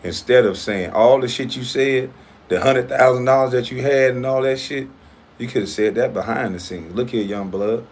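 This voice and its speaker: A man's voice: medium pitch, normal speed, slight background noise. A man hosting his own livestream, talking in a casual, blunt and profane way as he confronts a critic. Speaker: livestream host.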